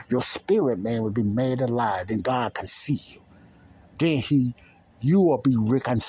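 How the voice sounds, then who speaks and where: Husky-voiced preacher man, emphatic and colloquial. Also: medium pitch, darkish tone. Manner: emphatic, repetitive, conversational, colloquial grammar. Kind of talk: informal preaching podcast.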